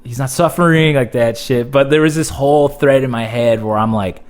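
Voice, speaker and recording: A man's voice: medium pitch, moderate pace, few pauses. A young man telling a personal story in casual podcast chat, profane and self-mocking. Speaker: podcast guest.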